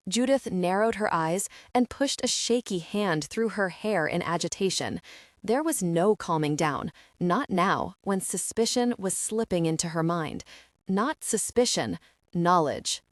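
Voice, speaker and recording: A woman narrating a novel in a steady, even reading voice. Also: lowish voice, a little slow, no room sound, clean studio sound. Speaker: audiobook narrator. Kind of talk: scripted audiobook narration.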